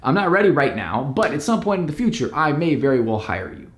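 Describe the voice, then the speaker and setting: A man's voice: a little high, big pitch swings, fairly quick, roomy sound. A man voicing a hesitant prospective client in a put-on Southern US accent. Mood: hesitant musing. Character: hesitant male prospective client, unsure, drawling.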